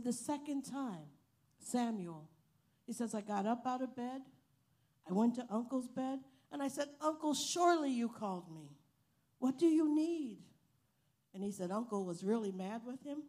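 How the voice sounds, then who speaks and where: A woman preaching a sermon, telling a story slowly and building to loud, emphatic praise. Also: a little high, lively intonation. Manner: slow, emphatic preaching that swells to loud hallelujahs. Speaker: missionary preacher and Bible college teacher.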